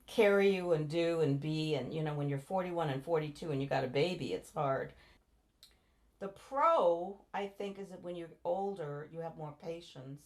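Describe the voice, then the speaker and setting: A woman in her sixties from the United States, recalling her life for her child in a relaxed, meandering family interview. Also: low voice. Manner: rambling, meandering recollection with restarts. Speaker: interviewee, mother. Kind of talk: reminiscing in a family oral-history interview.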